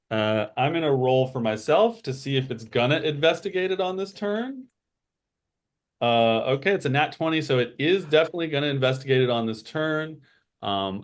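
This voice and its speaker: A man running a tabletop game as game master, unhurried and full of fillers. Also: medium pitch.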